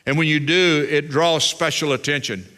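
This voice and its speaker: A man's voice: fairly high pitch, moderate pace, bright, forceful tone. A man preaching a sermon as pastor, emphatic and fond of repeating phrases for weight.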